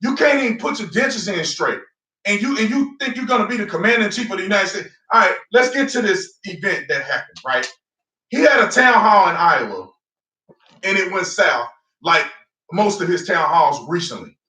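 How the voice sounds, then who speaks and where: A man's voice: high-pitched, animated, normal speed, pushed and bright. A man giving mocking, fired-up political commentary in casual slang. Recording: echoey room, distant mic.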